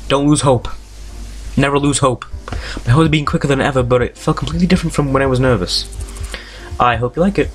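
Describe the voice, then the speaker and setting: A man's voice: medium pitch, quick pace, pauses often, faint music behind. Swearing man reading a visual novel. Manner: swears freely, breaks off into tangents and jokes; reads story text aloud, stumbling over words. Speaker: let's play host.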